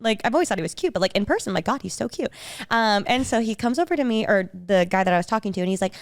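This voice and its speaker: A woman's voice: expressive, quick pace, dry recording, clean studio sound. A young woman co-hosting a podcast, telling gushing stories in casual chat and acting out the voices of the people she quotes. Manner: gushing storyteller, acts out quoted voices with big pitch jumps. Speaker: podcast co-host.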